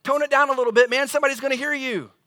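A man's voice: extremely high pitch, fairly even intonation, pushed and bright, voice pushed up. A man putting on a breezy, teasing male voice. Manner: breezy, joking, quick. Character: teasing casual male teacher, mocking friend.

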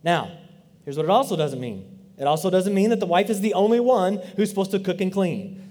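Guy pastor preaching a sermon, earnest, talks right to the crowd, kinda high voice. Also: animated, fairly quick, a little mellow. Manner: earnest, conversational preaching with asides to the congregation.

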